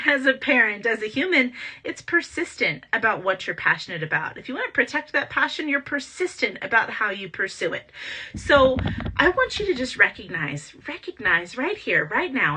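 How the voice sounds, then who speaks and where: A woman hosting a motivational talk, energetic and full of rhetorical questions. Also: mid-range voice, husky. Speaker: podcast host and entrepreneur coach.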